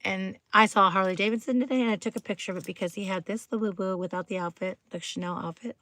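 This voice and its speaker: A woman's voice: mid-range voice, fairly even intonation, fast talker, hardly any pauses, a bit bright, no echo. A woman hosting a casual live stream, chatting to viewers in a bubbly way, full of "like" fillers and greetings. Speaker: livestream host.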